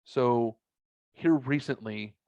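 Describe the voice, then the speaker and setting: A middle-aged man hosting a casual podcast, telling rambling stories with lots of swearing and animated quoted voices, on a headset mic. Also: takes it slowly, dry recording, muffled recording. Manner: rambling storyteller, swears a lot, bursts into high excited quotes. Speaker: podcast host.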